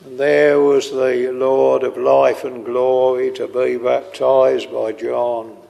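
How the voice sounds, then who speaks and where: A man preaching a slow, earnest sermon, tender and pleading as he quotes hymns. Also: mid-range voice, flat delivery, creaky, dark tone. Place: church. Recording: long reverb of a large hall.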